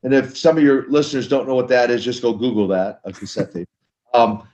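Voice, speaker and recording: A man's voice: medium pitch, fairly quick. An older man, a former wrestler turned minister, telling stories in an interview and acting out the dialogue as he goes. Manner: animated storyteller acting out dialogue. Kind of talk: storytelling interview. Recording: slightly dull lo-fi sound.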